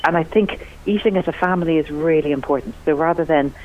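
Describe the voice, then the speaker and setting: A woman's voice: low voice, quick pace. A woman, a cookery writer and TV cook, chatting enthusiastically as a guest in a radio interview. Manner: chatty, enthusiastic, lively rising emphasis. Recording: lo-fi radio broadcast.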